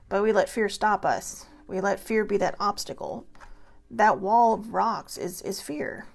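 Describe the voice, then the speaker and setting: Middle-aged woman host, gravelly voice, earnest rambling pep talk, laughs at herself. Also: mid-range voice. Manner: earnest, rambling, self-deprecating. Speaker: host of a self-help talk show. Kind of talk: casual motivational monologue.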